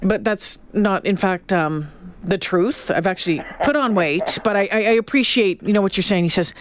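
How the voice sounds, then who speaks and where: A woman co-hosting a radio show, telling stories in an animated way and acting out both sides of the conversation. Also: mid-range voice, normal speed, slight background noise. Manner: emphatic, repeating herself for effect. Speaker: radio co-host. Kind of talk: casual on-air chat.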